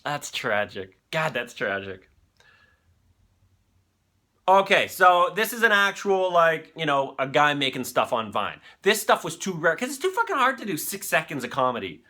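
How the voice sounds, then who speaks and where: A man with a bright, fairly high voice hosts a live stream. His talk is loose and rambling, full of swearing and asides to the chat. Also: big pitch swings, normal speed. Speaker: live-stream show host.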